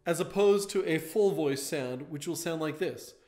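Mellow-voiced male voice teacher. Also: on the high side, moderate pace, soft background music. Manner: explains step by step, pointing to a diagram. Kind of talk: vocal lesson explanation.

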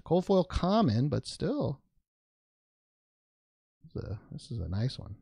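A man's voice: mid-range voice, wildly swooping pitch, normal speed, vocal fry, pauses often, dark tone, breathy edge, faint music behind. A man hosting a trading card unboxing video, talking casually as he opens packs, rambling and joking with playful made-up words.

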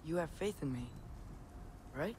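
A man's voice: fairly high pitch, animated, measured pace, a little mellow, slight background noise. An actor playing an earnest, headstrong teenage boy in a video game, speaking with determination. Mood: determined.

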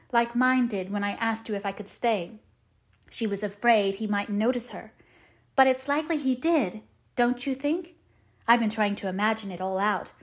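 A woman's voice: on the high side, lightly acted. A woman voicing a talkative, dreamy young orphan girl in an audiobook, with eager, rapturous run-on chatter. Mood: earnest, dreamy. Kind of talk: audiobook character reading.

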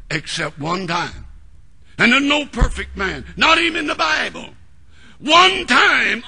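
An older American man preaching a sermon in the old-time style, with a raspy voice, shouted climaxes and long drawn-out words. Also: sits high, very animated. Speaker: pastor.

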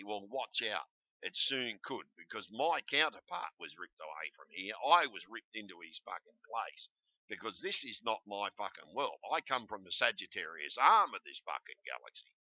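Sick, profane Australian guy ranting to camera; low, sharp voice, dry lo-fi sound. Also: big pitch swings, moderate pace, no room sound. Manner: agitated, heavily profane, rambling. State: ill and in pain. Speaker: vlogger.

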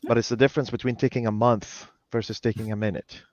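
A man's voice: medium pitch, flat delivery, quick pace, a little mellow, highs cut off. A man hosting a casual video call, talking enthusiastically in bursts with lots of "you know" fillers. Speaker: host.

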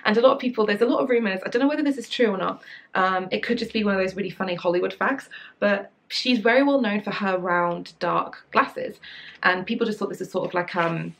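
A woman's voice: mid-range voice, fairly quick, vocal fry. A young woman hosting a sewing channel, chatting casually and gushing with enthusiasm, with lots of fillers and restarts. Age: young adult. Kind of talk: casual chat.

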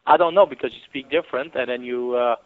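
A man's voice: mid-range voice, quick pace. A man from Quebec whose first language is French, working at a garage and patiently asking a caller questions. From Quebec, Canada. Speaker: garage worker taking a call. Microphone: phone line. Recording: tinny phone line.

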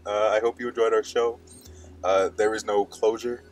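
A man's voice: on the low side, little pitch movement, normal speed, faint music behind, rough recording. A young man co-hosting a podcast, rambling through stories casually, laughing often and acting out quoted lines. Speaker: podcast co-host. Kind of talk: casual chat.

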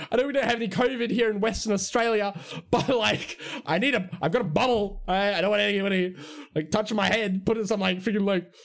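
Animated young man with a high, gravelly voice. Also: fairly quick. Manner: animated, swearing, lots of fillers like "right?" and "man". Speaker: streamer. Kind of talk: casual storytime on a stream.

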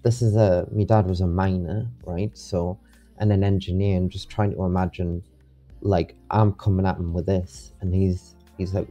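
A man's voice: low voice, fairly even intonation, moderate pace, dark tone, faint music behind. A young man, rambling with many restarts as an interview guest. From England. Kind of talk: casual interview.

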